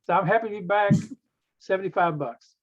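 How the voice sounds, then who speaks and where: A man's voice: high-pitched, fairly quick. Chatty older man on dull audio. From West Virginia. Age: 70s. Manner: rambling, chatty storyteller. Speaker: club member. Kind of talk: casual meeting chat.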